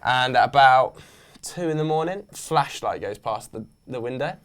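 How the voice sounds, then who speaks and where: A man's voice: medium pitch, expressive, normal speed, fairly bright tone, clear, resonant tone. A man telling a story in casual chat, laughing often and acting out what people said. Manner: laughing often, acts out quoted dialogue. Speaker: show regular.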